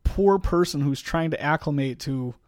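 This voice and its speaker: A man's voice: a little high, normal speed, darkish tone, dry recording, clean studio sound. A man hosting a casual podcast, telling stories wryly and arguing his point, with many fillers. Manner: wry storytelling, argumentative, trails off with fillers. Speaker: podcast host. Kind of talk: casual chat.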